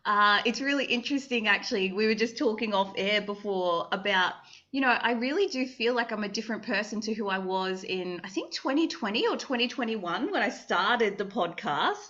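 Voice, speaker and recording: A woman's voice: medium pitch, lively intonation, a little fast, pushed and bright, dull audio. An Australian woman, a therapist and podcast host, talking reflectively about her podcast and laughing easily. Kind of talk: casual interview talk.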